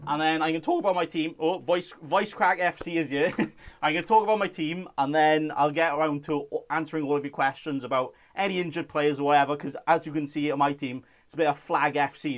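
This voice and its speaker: A man's voice: on the high side, a little fast. A young man from Wales, hosting a casual live-stream chat and reading out viewer messages in a jokey way.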